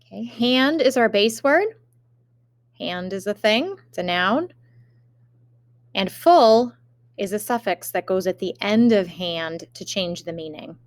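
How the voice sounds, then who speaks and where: Teacher lady reading out spelling words real slow and careful, dry sound. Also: medium pitch, lively intonation, no room sound. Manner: slow, careful dictation with example sentences. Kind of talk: remote spelling lesson.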